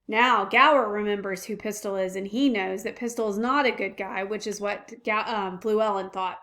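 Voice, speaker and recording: A woman teacher reading a play aloud and pausing to explain it in plain words, with small fillers. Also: mid-range voice, steady tone, a bit bright.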